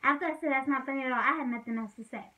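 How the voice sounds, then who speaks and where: A woman's voice: sits high, very fast, pushed and bright, far from the mic, rough recording. A young woman casually telling a personal story to the camera, chatty and full of fillers. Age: young adult. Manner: chatty, fillers like "like", frequent laughs.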